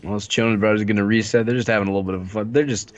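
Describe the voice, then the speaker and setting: A man's voice: lowish voice, fairly even intonation, rapid-fire. Jokey male esports caster. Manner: jokey, rambling, laughs often. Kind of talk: live play-by-play commentary.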